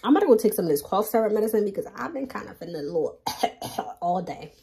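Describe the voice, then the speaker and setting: A young woman vlogging in casual, slangy chat, talking into her phone, nervous and excited. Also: mid-range voice, fast talker, gravelly, breathy edge. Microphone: phone held by hand. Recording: music playing behind.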